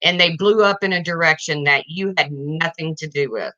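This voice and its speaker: A woman talks straight to her viewers in an indignant, confrontational livestream rant. Her voice sits a little low but sounds sharp and bright. The sound is dull and lo-fi. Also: normal speed.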